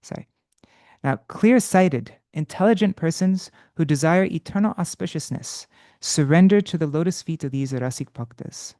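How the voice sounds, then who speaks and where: Man, live study session, thinks aloud, halting restarts, slow chanted verses, smooth voice, fairly high, dry close sound. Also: dark tone, no room sound. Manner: chants verses slowly in a sung tone. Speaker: teacher of scripture study.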